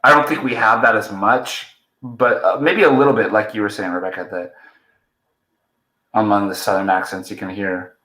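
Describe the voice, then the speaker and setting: A man with a somewhat low voice hosts a podcast in a loose, chatty way. He circles around his points and restarts his sentences, and his voice sounds roomy, as if the room echoes. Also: fairly even intonation, moderate pace, pushed and bright. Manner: chatty, trailing restarts and fillers. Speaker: podcast host. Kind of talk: casual chat.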